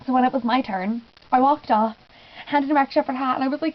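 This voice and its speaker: Young female vlogger, higher voice, excitable and giggly storytelling, dull home recording. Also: brisk. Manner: gushing, giggly, lots of "I was just like". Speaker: fan vlogger. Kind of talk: casual storytelling vlog.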